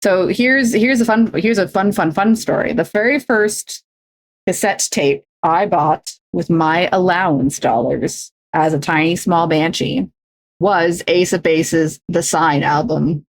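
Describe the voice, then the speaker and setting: A woman's voice: fairly low pitch, measured pace. A woman livestreaming, chatting casually while crafting, rambling and self-deprecating with frequent restarts.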